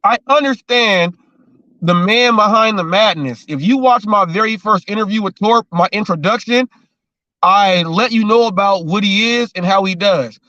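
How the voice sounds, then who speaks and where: A man's voice: sits high, normal speed, pushed and bright, no echo, lo-fi sound. A man hosting a casual talk show, rambling and riffing with jokes and repeated phrases. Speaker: show host.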